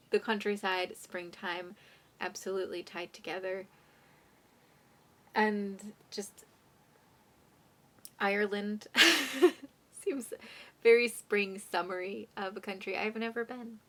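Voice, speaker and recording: A young woman vlogs about books in a relaxed, rambling way, her voice dipping into a low fry at the ends of phrases. She is self-deprecating and sometimes drops to quiet asides. She was recorded close on a small phone condenser mic. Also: slow pace, long pauses. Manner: chatty and self-deprecating, trailing off into soft asides. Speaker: book vlogger. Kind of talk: casual chat about books.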